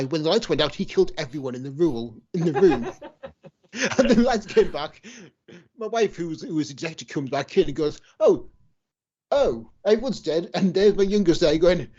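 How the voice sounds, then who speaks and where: Man, podcast co-host, casual chat, fairly high voice. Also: a little mellow, lo-fi sound. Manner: chatty anecdote teller.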